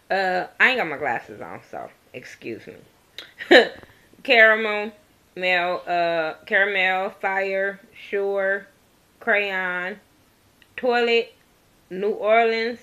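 A woman's voice: mid-range voice, a bit bright. A woman from Compton, California, chatting bluntly and jokingly to the camera at home, swearing freely and laughing often. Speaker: vlogger. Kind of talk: casual chat to camera. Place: at home, indoors. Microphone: camera in front of her.

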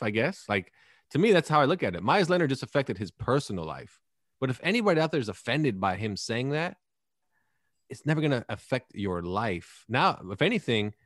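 A man's voice: lowish voice, no room sound, clean studio sound. A man in his thirties hosting a podcast, talking in a blunt, rambling, profane way. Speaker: podcast host. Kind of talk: casual podcast chat.

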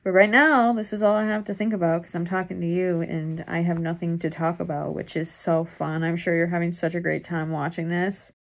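A young woman talks to the camera as she crochets at home. She rambles, thinks aloud and pokes fun at herself in a relaxed, chatty way. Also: fairly low pitch, a little fast, vocal fry, hardly any pauses. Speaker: crochet vlogger. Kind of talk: casual chat while crocheting.

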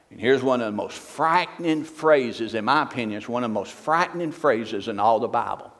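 A man's voice: expressive, brisk, hardly any pauses. A man preaching as a guest in a church, folksy and joking, who lifts his voice to read scripture. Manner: folksy and joking, reads scripture louder and higher. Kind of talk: sermon. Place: church sanctuary. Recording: long church reverb.

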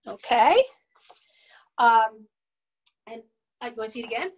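A woman's voice: on the high side, unhurried. A woman teaching a children's music and movement class, singing songs and chanting with young kids. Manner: sings and chants songs, bright and coaxing with kids.

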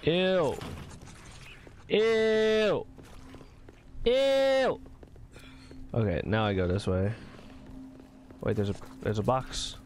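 A man's voice: lowish voice, steady tone, normal speed, pauses often, a little mellow, soft background music. A man streaming a video game, commenting live in a profane, goofy way with silly voices. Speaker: gaming streamer.

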